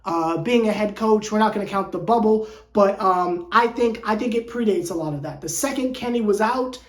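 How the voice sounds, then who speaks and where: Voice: medium pitch, moderate pace. A channel host giving a casual fan commentary rant to camera, joking and slangy, tripping into repeated words and restarts. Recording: roomy echo.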